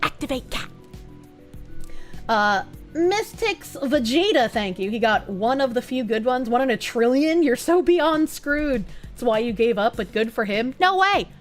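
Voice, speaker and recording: A woman streamer with a bright, high voice chats loosely with her viewers, swearing freely and laughing easily between thank-yous. Soft music plays quietly underneath. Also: lively intonation. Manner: loose, profane, quick to laugh. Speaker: live streamer. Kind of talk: casual live-stream chat, reading donations.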